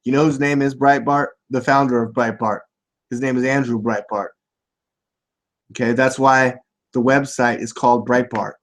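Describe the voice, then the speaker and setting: A man hosting a live political podcast, ranting and swearing, bursting into loud shouts now and then. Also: medium pitch, steady tone, normal speed.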